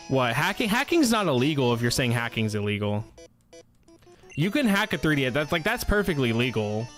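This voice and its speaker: A young man chats casually while streaming a game, rambling through a profane story at an ordinary pitch. Soft game music plays faintly behind him. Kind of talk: casual live-stream chat over gameplay.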